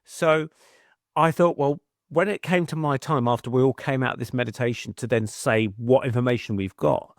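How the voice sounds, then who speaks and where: A man's voice: mid-range voice, moderate pace, no echo, clean studio sound. A middle-aged man, a podcast guest telling chatty anecdotes and acting out quoted voices. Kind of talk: casual storytelling.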